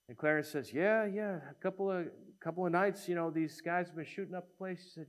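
Animated man telling a sermon story. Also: on the high side, a little fast, few pauses, clean tone. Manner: animated storytelling, acts out quoted voices. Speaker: preacher.

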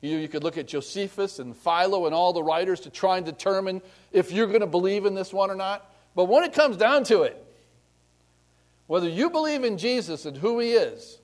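A man preaching a sermon in a conversational way, acting out scripture scenes in different voices. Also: high-pitched. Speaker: pastor.

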